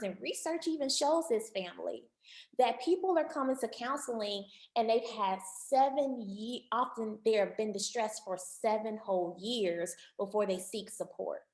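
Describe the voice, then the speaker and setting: A woman marriage counselor giving an online workshop talk, animated and repeating words for emphasis, calling her listeners family. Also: on the high side, normal speed, roomy sound.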